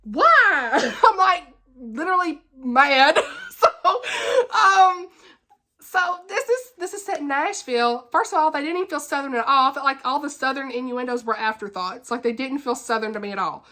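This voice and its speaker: A woman with a high, bright voice talks through a casual book wrap-up vlog. She rants with animation, laughs often, and keeps chatting with plenty of "like" and restarts. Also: animated, moderate pace. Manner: chatty, with many fillers and repeats. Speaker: book reviewer, channel host.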